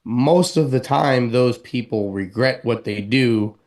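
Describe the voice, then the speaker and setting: A man co-hosting a talk show, speaking earnestly and haltingly as he gives heartfelt advice. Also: mid-range voice, darkish tone. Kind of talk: casual talk show chat.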